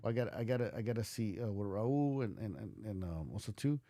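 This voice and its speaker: A man from the United States hosts a casual livestream reaction. He rambles, restarts often and swears bluntly, and his voice is mellow and warm. The sound is dry and close, with no room around it. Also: on the low side, lively intonation, fast talker, dry recording. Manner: rambling, many restarts and fillers. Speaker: livestream host.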